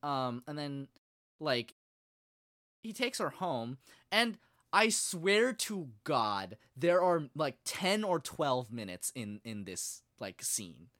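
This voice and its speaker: A woman in casual chat, retelling an anime episode in a lively, mocking way and acting out bits in silly voices. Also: low voice, takes it slowly, dry recording, studio quality. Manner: animated retelling, acts out scenes in silly voices. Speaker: podcast co-host reviewing anime.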